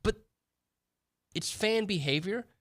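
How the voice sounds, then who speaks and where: A man co-hosting a sports radio show, chatting casually and with strong opinions. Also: slow pace. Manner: animated, opinionated, voices quotes in a high put-on tone.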